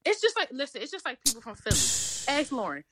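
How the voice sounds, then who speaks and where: A woman's voice: high-pitched, big pitch swings, quick pace, fairly bright tone, breathy edge, no room sound, clean studio sound, faint music behind. A woman in her thirties from Baltimore County with a Baltimore accent, talking casually as a guest and laughing often. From Baltimore County, USA. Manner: chatty, laughing, lots of "like". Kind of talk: casual chat.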